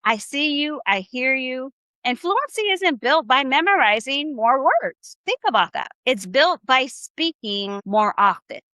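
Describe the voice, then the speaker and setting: Upbeat, bright-voiced woman teaching Spanish. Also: high voice, big pitch swings, unhurried, no room sound. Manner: upbeat, coaching, asks the audience questions. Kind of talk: live online language class.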